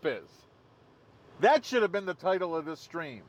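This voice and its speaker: A man's voice: high-pitched, very animated, moderate pace. A man hosting a live stream outdoors, joking casually and laughing at his own jokes. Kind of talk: casual livestream commentary.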